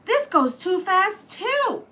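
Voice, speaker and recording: A woman voicing a sneaky, curious little girl in a storybook tale, with high sing-song exclamations. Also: sing-song, takes it slowly, pushed and bright, full character voice. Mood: fussy.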